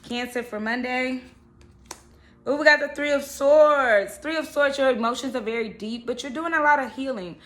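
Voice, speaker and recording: A woman's voice: high-pitched, normal speed, fairly bright tone. Chatty woman reading tarot cards. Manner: chatty, repeats okay and all right. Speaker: tarot reader.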